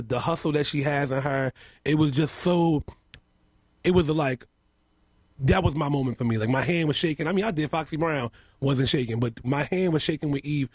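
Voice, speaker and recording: A man being interviewed on a radio show in a studio, telling stories about his work with lively energy and acting out what people said. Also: on the high side, no echo. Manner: animated storyteller, acts out quotes loudly. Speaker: makeup artist and house mother, guest.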